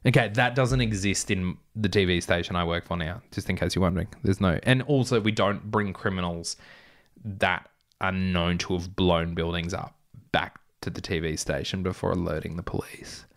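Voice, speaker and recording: A man's voice: deep voice, moderate pace. A young man reading aloud his childhood novel, breaking off for wry, joking asides. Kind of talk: casual read-aloud with asides.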